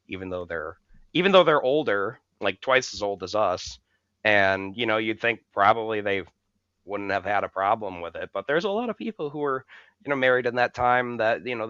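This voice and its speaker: A man telling a long, rambling story on a podcast, swearing freely and laughing along the way. His voice is bright and smooth, heard through a dry, slightly dull mic. His tone is loose and chatty. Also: lowish voice, no echo. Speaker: podcast co-host. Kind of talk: casual storytelling.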